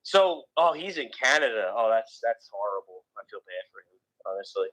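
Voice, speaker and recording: A man's voice: on the low side, sing-song, moderate pace, sharp tone, rough recording. A man from the US East Coast with a slight Philadelphia accent, co-hosting a casual podcast chat with frequent restarts. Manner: rambling, restarts often, opinionated. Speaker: podcast co-host.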